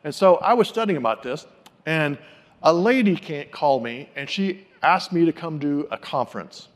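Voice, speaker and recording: Guy preaching, tells stories and does the voices, kinda high voice, big echoey church hall. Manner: animated, acts out quoted voices. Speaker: pastor. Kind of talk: sermon storytelling.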